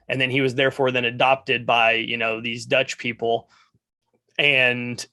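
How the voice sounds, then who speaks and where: A man co-hosting a podcast, casually recapping a movie and jumping higher when he quotes the characters. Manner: animated storytelling, jumps higher to quote characters. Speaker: podcast co-host.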